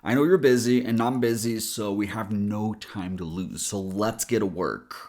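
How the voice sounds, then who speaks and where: A man's voice: fairly low pitch, noisy background. Man coaching pronunciation, direct. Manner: direct, explains sounds slowly and models them. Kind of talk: pronunciation lesson.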